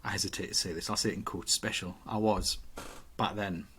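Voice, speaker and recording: A man's voice: sits low, steady tone, rapid-fire, sharp tone, slightly rough. A man co-hosting a podcast in casual chat, thinking aloud in a rambling, self-questioning way, full of restarts. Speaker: podcast co-host.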